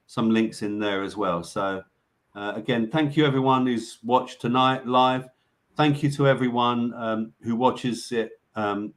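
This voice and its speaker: A man hosting a live online show, talking casually and haltingly with lots of fillers as he signs off. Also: medium pitch. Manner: rambling, halting, many fillers and restarts. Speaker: show host. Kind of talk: casual live-stream sign-off chat.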